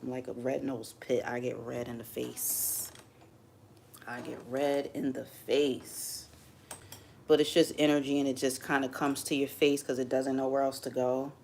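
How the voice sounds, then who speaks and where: A woman talks straight to her viewers on a home livestream, rambling and candid, letting her feelings show openly. Her voice has a gravelly, fry-touched edge. A faint background hiss sits under the streaming mic. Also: rumbling low, a little mellow. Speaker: livestream host. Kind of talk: casual livestream chat. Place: home streaming setup under bright lights.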